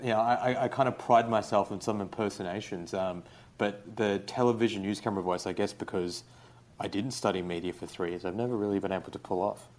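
A young Australian man, a writer being interviewed, talking in a relaxed, rambling way with lots of fillers. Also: fairly low pitch, fast talker. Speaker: guest, writer. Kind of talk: casual interview.

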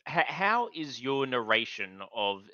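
A man's voice: mid-range voice, measured pace, dry recording. Guy cohosting a chatty podcast, stumbles over his words a lot, dry muffled home mic sound. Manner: animated, stammering restarts. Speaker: podcast co-host. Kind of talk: casual online discussion.

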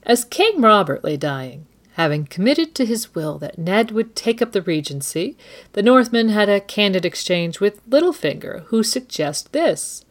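A woman hosting a book podcast who analyzes the story and reads passages aloud in an expressive, measured way. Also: mid-range voice. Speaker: podcast host. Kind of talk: book analysis and dramatic reading. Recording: long reverb, loud music behind.

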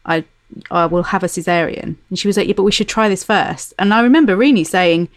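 A woman's voice: lowish voice, a little fast, no echo. Earnest woman, dry close sound. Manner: reflective, earnest, asks guests questions. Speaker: podcast host. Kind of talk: casual conversation.

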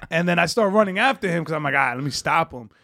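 A man, a comedian guest, telling a story in casual podcast talk, animated and full of swearing. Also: fairly high pitch, fast, gravelly, no room sound, studio quality. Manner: animated, profane, lively retelling.

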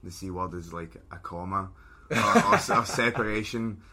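A man's voice: low voice, moderate pace, pushed and bright. A man with a Scottish accent, chatting as a podcast guest in an easygoing way and laughing often. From Scotland. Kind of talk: casual chat.

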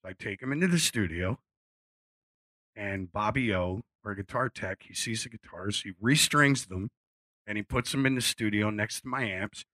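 Animated storytelling man, bright voice. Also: lowish voice, moderate pace, no room sound. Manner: animated storyteller, acts out quotes, swears freely. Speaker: musician telling a story. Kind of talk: casual anecdote.

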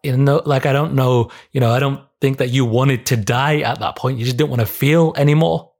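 A man's voice: medium pitch, fairly even intonation, fairly quick, a little mellow. Man host asking probing questions. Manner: reflective, asks long probing questions. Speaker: podcast host. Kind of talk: interviewing.

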